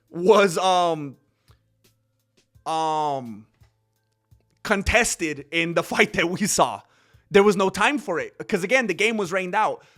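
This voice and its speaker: Male host, high bright voice, rambling, animated, casual commentary. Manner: animated, rambling, acts out quotes.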